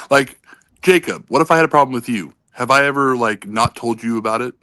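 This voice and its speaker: Bright, rambling man on a panel. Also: mid-range voice, a little fast, no echo. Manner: rambling, profane, many restarts. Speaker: panel guest. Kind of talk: casual online panel chat.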